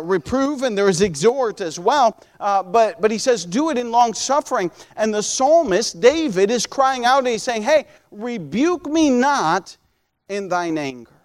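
A male pastor preaching a sermon in an earnest, conversational way, slowing down and lifting his voice when he quotes scripture. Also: high-pitched. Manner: slows and lifts voice when quoting scripture.

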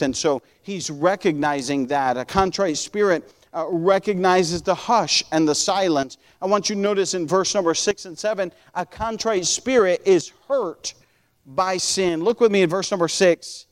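A man preaching a sermon, earnest and pleading, who repeats words as he builds a point and drops to a near-whisper on quiet lines. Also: high-pitched, moderate pace. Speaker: pastor.

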